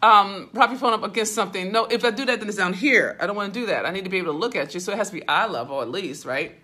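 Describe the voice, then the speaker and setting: A woman's voice: medium pitch, very fast, hardly any pauses, bright, forceful tone. A woman business mentor hosting a casual livestream, fussing and laughing as she talks to viewers by name over a handheld phone. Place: hotel suite. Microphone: phone held at arm's length.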